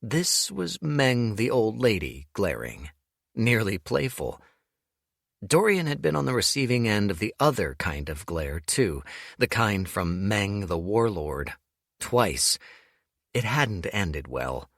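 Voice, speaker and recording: Male audiobook narrator, low voice, gravelly, slow, lively pitch, dry close sound. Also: no room sound. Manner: expressive, unhurried storytelling.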